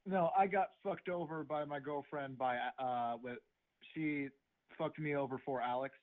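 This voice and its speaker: A young man speaks over a tinny, phone-like line in a somewhat raised voice. He recaps his story with halting uh's. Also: a little high. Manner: halting, filler-heavy recap. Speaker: caller.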